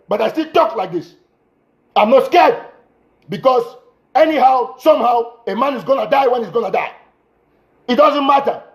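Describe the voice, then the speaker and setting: A man urgently addressing his audience in an impassioned livestream appeal, repeating himself and breaking into shouts, speaking into a phone. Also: very high-pitched. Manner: urgent, repetitive exhortations, bursts of shouting. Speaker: political commentator.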